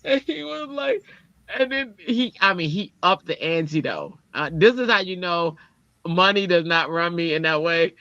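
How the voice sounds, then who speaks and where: Chatting casually, this woman, a teacher, recounts a story with lots of energy, switching abruptly in pitch to voice the people she quotes. Her pace is unhurried, and the dry, somewhat dull sound resembles a cheap stream microphone.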